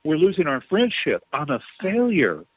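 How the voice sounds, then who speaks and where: Male author guest, animated storyteller, dry slightly dull radio recording. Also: fairly high pitch, normal speed, husky, no room sound. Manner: animated, acts out quotes. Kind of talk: storytelling in an interview.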